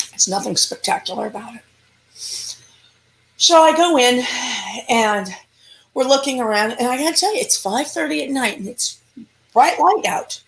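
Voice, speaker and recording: Woman with a gravelly, fry-laced voice. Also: on the high side, poor audio. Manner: animated storyteller who acts out quoted lines; casual, conversational, with restarts. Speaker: paranormal investigator. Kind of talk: telling a story in an interview.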